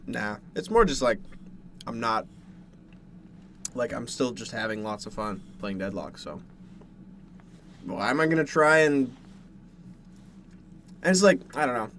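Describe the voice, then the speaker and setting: A young man from Canada streaming from a dark bedroom, chatting casually with viewers in a rambling way while working through a plate of food. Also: medium pitch, expressive, a little slow, long pauses, slight background noise.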